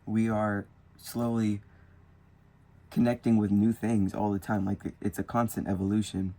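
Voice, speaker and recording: In an easygoing, meandering vlog about spirituality, a young man draws with colored pencils and thinks aloud. His voice sits on the low side and is warm, with a flat, unhurried delivery.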